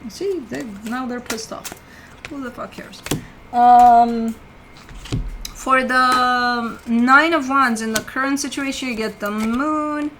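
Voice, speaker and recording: Casual tarot host, woman, bright and slightly high voice, swears freely, faint background noise. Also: takes it slowly, rough recording. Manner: swears casually, talks to her pet between cards. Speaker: tarot reader.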